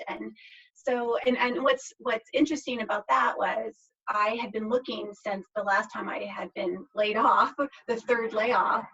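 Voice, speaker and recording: A woman's voice: medium pitch, fairly bright tone, husky. A middle-aged woman, a podcast guest, telling a personal story in an earnest, reflective way and often restarting her phrases. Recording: slightly dull lo-fi audio.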